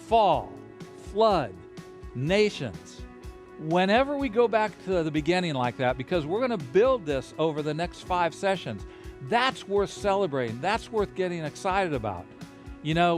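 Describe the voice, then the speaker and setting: A man teaching a Bible lesson to a camera, animated and playful, leading hand motions. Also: fairly high pitch. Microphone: camera mic.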